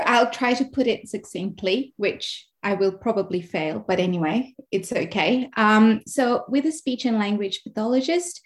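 A woman from Kenya speaks in a modified Australian accent as an interview guest. She talks thoughtfully, pausing with fillers as she explains her work. Her voice sits at a middle pitch for a woman. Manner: thoughtful, many fillers and pauses. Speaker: guest, speech and language pathologist. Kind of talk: casual interview conversation.

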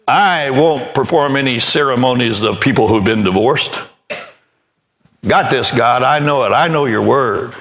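A man's voice: mid-range voice, measured pace, a bit bright. An older man preaching a sermon as pastor, telling a story in a folksy way and acting out both sides of the conversation, then rising to emphatic preaching.

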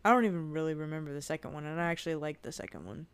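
A woman's voice: low voice, very fast, clear, resonant tone. A woman co-hosting a podcast, chatting casually about a movie with dry, teasing remarks and easy laughter. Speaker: podcast co-host. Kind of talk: casual movie review chat.

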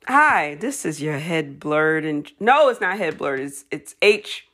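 Lowish in pitch and fairly bright, with lively intonation and a measured pace, this woman hosts a solo podcast alone from home. She rambles with her mouth full, giggling, losing her place, and restarting.

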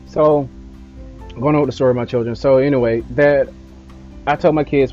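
A father giving an earnest motivational talk, his voice often dropping softly at the ends of phrases. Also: medium pitch, steady tone, normal speed. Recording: slightly dull audio with faint music.

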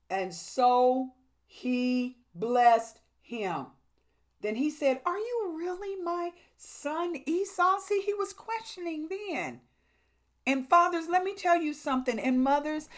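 A middle-aged woman preaching a sermon in an animated, exclamatory way, with sudden loud rises. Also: on the high side.

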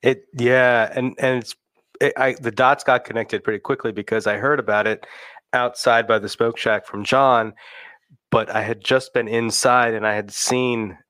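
A man's voice: mid-range voice, fairly even intonation, normal speed, fairly bright tone, smooth, no echo. A man in recovery sharing his experiences in a casual conversation, reflective and rambling with frequent restarts.

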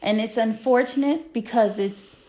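Animated, blunt woman podcast co-host. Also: on the high side, moderate pace. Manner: animated, laughing, restarts her thoughts; blunt and direct. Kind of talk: casual chat.

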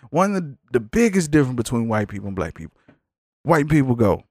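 A man hosting a podcast, ranting in a blunt, profane, animated way in a casual chat. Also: mid-range voice, fast talker, no room sound, studio quality. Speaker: podcast host.

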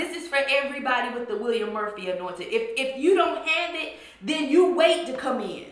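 Woman podcaster hyping up her listeners, playful, a bit out of breath, lots of echo. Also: a little high. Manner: animated, teasing, church-style call and response. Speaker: podcast host. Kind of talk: playful podcast monologue, chanting dance calls. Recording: very echoey room.

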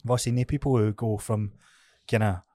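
A man's voice: lowish voice, fairly even intonation, brisk, mellow, no echo. A man with a Scottish accent, a fitness coach co-hosting a casual podcast, talking frankly, swearing often and acting out his own stories.

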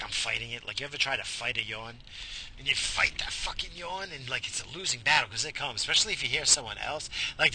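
A man's voice: mid-range voice, pushed and bright, a little hiss or hum. A man podcasting while he drives, rambling crudely and profanely into a head-mounted mic. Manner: profane, rambling, mock-theatrical. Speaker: podcast host. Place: car, driving.

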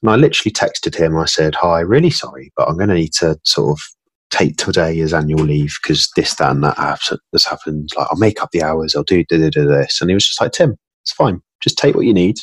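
A man chatting as a podcast guest, self-deprecating and quick to laugh. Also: extremely low pitch, a bit bright, no room sound. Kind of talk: casual conversation.

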